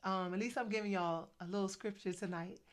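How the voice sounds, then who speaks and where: A woman in her fifties gives a casual faith-based vlog, chatty and a little preachy. She speaks with a middle pitch, tossing in quick asides between her points. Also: steady tone. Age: 50s. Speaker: faith vlogger.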